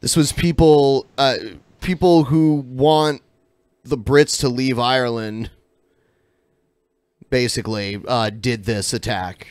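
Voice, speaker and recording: A man's voice: mid-range voice, fairly even intonation, slow, smooth, no echo. A man co-hosting a podcast, talking in a loose, offhand way and swearing freely. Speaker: podcast co-host. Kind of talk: casual chat.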